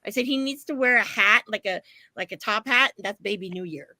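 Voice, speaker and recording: A woman co-hosting a podcast, telling a story in a lively way, acting out what she and others said, and swearing freely. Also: medium pitch, brisk, dry recording. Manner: animated storytelling, acts out quotes, swears freely. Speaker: podcast co-host. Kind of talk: casual chat.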